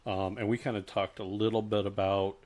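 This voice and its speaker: A middle-aged man co-hosting a casual podcast chat, talking in halting starts with many fillers and restarts. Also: on the low side, flat delivery, a little mellow. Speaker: podcast co-host.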